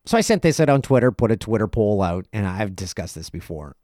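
A middle-aged man hosting a podcast, telling a casual story and acting out other people's lines in quick asides. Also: on the low side, big pitch swings, a little mellow, no echo, clean studio sound. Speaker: podcast host.

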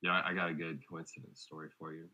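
A man from Georgia, a podcast guest telling stories in a low, laid-back voice with deadpan teasing. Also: quick pace, slightly rough. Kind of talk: casual storytelling chat.

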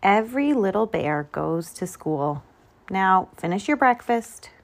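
A woman's voice: mid-range voice, animated, unhurried, gravelly. A woman voicing a sensible mother bear in a firm, matter-of-fact way, in a storybook read-aloud.

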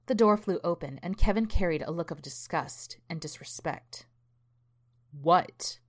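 A woman reads a scripted horror story for a podcast with steady pacing. Her voice sits a little low for a woman. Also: moderate pace. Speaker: podcast narrator.

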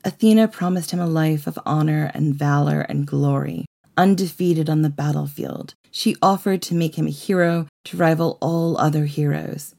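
A woman with a gravelly voice, telling a myth in slow, hushed second-person narration. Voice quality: gravelly, low voice. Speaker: podcast co-host.

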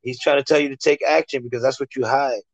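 A man's voice: mid-range voice, fairly even intonation, quick pace, no echo. A man in a casual chat, musing about numbers, signs and the moon, often restarting his sentences. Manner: musing, spiritual talk, trails off and restarts. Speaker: co-host of a live audio chat.

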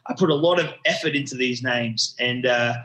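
A man's voice: mid-range voice, normal speed, sharp tone, reverberant, low-quality recording. A man in his thirties with an Australian accent, telling stories as a guest in a casual interview, slangy and full of restarts. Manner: rambling storyteller, slangy, many restarts.

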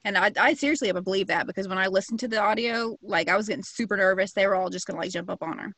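A woman's voice: medium pitch, racing, a bit bright, dry recording. Casual slangy woman telling a story. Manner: casual storytelling, heavy filler words, swearing, slangy. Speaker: podcast co-host telling a true crime story. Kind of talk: casual chat.

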